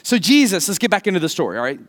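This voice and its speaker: A middle-aged man preaching a sermon in a conversational, animated way, with jokey asides to the congregation. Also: high voice, very fast. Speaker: pastor.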